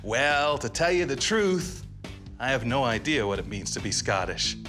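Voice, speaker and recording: A man hosting a comedic TV segment, delivering wry, deadpan jokes. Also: mid-range voice, moderate pace. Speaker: host. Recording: music behind.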